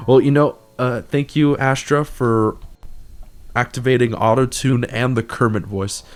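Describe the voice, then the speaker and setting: A man's voice: mid-range voice, fairly even intonation, takes it slowly, pauses often. A young man streaming a game, chatting casually in a rambling, laughing, self-mocking way through a desk microphone with auto-tune on. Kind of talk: casual gameplay commentary.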